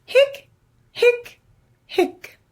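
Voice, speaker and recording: A woman voicing a small male skeleton who hiccups in high, squeaky bursts. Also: very slow. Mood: hiccuping.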